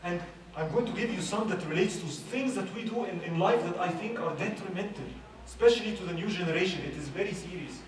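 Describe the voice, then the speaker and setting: A man's voice: high-pitched, fast, few pauses. Man preaching in an echoey hall. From Egypt. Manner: conversational, asks many rhetorical questions. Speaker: youth speaker. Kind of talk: informal religious talk. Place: large hall at a religious youth event. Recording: echoey hall, far from mic, background noise.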